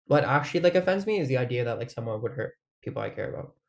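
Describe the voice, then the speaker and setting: Talking very fast with vocal fry, this vlogger sounds expressive at a normal middle pitch. His loose monologue wanders along on endless "like"s, casual cursing, and sudden laughter.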